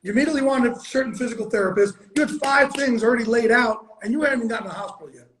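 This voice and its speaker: A middle-aged man hosting a casual interview. His voice is pitched well above most men's. He talks bluntly and emphatically, with plenty of swearing. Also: very fast, a bit bright, slight background noise, rough recording. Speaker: host.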